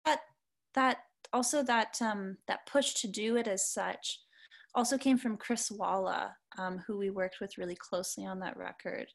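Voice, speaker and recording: A woman's voice: mid-range voice, steady tone, moderate pace, vocal fry. A young adult woman musician chatting casually in an interview, rambling with lots of fillers and casual swearing. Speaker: musician guest.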